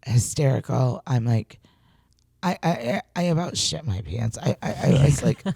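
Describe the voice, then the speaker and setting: A middle-aged woman hosting a podcast, telling an excited story in casual chat, stammering and laughing as she goes. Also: extremely low pitch, normal speed, creaky, slightly rough, no room sound, clean studio sound. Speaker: podcast host.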